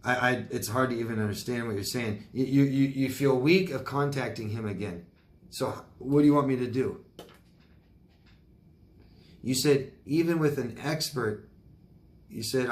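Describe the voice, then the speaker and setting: A male life coach of middling pitch gives blunt, emphatic advice to viewers. He says his key points again and again and mixes in sympathetic sighs and exclamations. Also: moderate pace, pauses often. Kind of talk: answering viewer questions on video.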